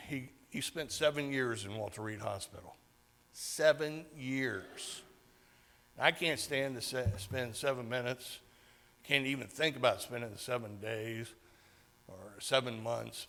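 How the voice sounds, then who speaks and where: A man giving a speech to a club meeting, telling a personal story in a halting way with many fillers and restarts. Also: medium pitch, sharp tone, long reverb tail. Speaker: guest speaker at a club meeting. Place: meeting hall.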